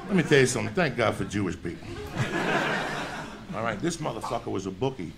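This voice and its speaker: Gravelly New man doing stand-up. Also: medium pitch, sing-song, a crowd in the background. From New Jersey. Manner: profane, shouting, rapid-fire storytelling. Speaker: stand-up comedian. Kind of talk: stand-up storytelling. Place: comedy stage before a live audience. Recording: roomy venue with loud audience laughter.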